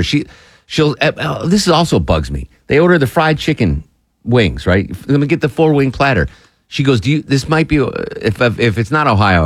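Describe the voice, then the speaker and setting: A man co-hosting a podcast, telling stories in a casual chat and jumping high in pitch when amused. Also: dry recording, studio quality. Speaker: podcast co-host.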